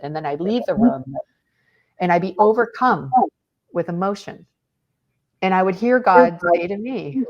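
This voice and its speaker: A woman with a lower voice, an author and speaker appearing as a podcast guest, talks a little fast in a casual conversation about faith. She's an animated storyteller who acts out the quotes she tells. The audio is lo-fi.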